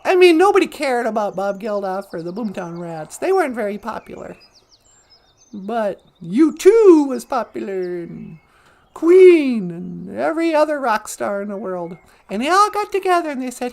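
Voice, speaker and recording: Woman, comedic podcast host, slow sardonic riffing, lively swooping delivery, birdsong behind. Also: high voice, creaky. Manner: sarcastic, laughs between jokes, slips into mocking voices. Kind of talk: comedic live-stream monologue.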